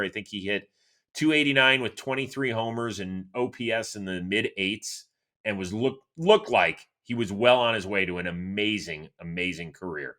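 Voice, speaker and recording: A middle-aged man from Cleveland hosting a solo sports show, answering listener questions in an animated, chatty storytelling way. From Cleveland, Ohio, USA. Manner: animated, chatty storyteller with lively swings in pitch. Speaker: host.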